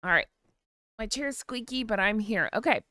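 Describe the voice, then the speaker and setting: A woman's voice: on the high side, animated, normal speed, bright, forceful tone, dry recording. A woman hosting a casual live stream, reading out viewer comments and thanking them by name in a chatty way. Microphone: desk microphone.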